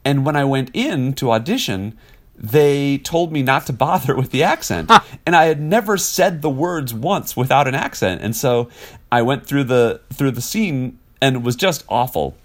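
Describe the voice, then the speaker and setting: A man's voice: mid-range voice, animated, moderate pace. A man in his forties from Wisconsin, an actor telling stories in a casual interview, rambling with many fillers. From Wisconsin, USA. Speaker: actor guest.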